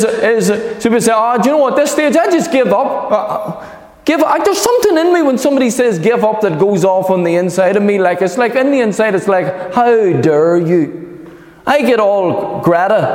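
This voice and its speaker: Emphatic preacher in echoey hall. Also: male voice, high voice. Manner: emphatic, animated preaching with repeated calls of amen. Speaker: pastor. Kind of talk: sermon.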